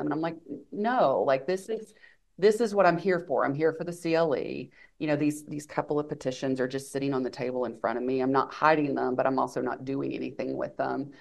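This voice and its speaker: Woman, low voice, lively retelling, lawyer being interviewed. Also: vocal fry. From Arkansas. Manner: animated, quotes others' lines while recounting events. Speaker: attorney guest. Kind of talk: interview storytelling.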